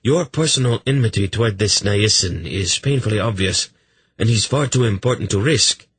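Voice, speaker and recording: A man's voice: on the low side, lively intonation, normal speed, fairly bright tone, slightly rough, no room sound, voice pushed up, exaggerated voice. A man voicing a nervous, sly small king with a rat-like face, who talks hastily to placate and then asserts himself stiffly. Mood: haughty. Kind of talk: audiobook character voice.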